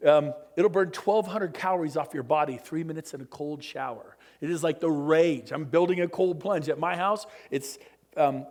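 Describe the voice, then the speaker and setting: A man giving a motivational seminar talk, animated and preachy, swinging between loud bursts and low asides. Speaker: motivational speaker. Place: conference room.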